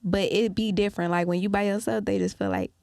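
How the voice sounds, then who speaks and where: A young woman with a Detroit accent, chatting as an interview guest, animated and quick to laugh as she acts out what people say. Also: mid-range voice, vocal fry, no echo, clean studio sound. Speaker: guest musician. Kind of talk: casual interview chat.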